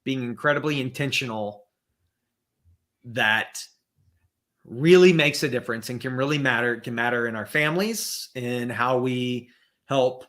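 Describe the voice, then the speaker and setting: Bright-voiced man, halting and thoughtful. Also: medium pitch. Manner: thoughtful, halting with many fillers and restarts. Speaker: podcast guest. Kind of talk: casual conversation.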